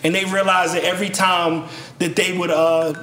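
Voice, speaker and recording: Animated high-voiced man telling stories. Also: a little fast, echoey room. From Virginia, USA. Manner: animated storyteller, acts out other people's voices. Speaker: podcast guest songwriter telling stories. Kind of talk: casual chat.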